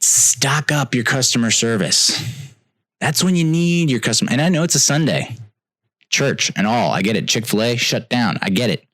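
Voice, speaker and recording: A young man, telling a comedic story on a podcast with exasperated ranting that swings from loud outbursts to low mutters. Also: dry recording. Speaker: podcast host.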